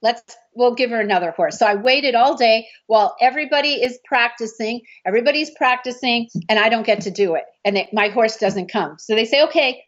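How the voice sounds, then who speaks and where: A woman with a slightly high voice talks a little fast, hardly pausing, while recounting a film shoot. She's a martial arts film actress performing others' lines, and the recording has a dull lo-fi quality.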